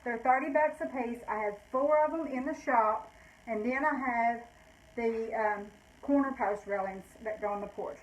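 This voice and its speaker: Give me a breathless older woman chatting through a vintage sale, slightly high voice. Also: normal speed, poor audio. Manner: chatty, rambling, self-correcting. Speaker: vintage shop owner. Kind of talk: casual live sale talk.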